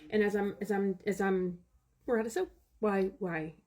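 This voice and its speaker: A woman's voice: mid-range voice, steady tone, moderate pace, darkish tone. A woman vlogging about her day, rambling and exasperated, with many restarts. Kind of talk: casual storytelling vlog.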